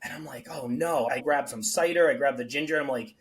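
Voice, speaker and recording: A man at a middle pitch tells stories about building his business in an easy, conversational way. He acts out the people he quotes, and his voice jumps up and gets louder when he plays them. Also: fast, rough recording. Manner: animated storyteller, acts out quoted dialogue. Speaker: guest, beverage company founder. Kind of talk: casual podcast storytelling.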